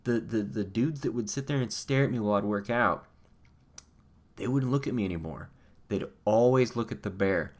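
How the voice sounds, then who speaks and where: A man's voice: fairly low pitch, moderate pace. A young man telling a funny story in a casual vlog monologue, acting out the people he talks about. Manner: animated, acts out people in funny voices. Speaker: vlogger.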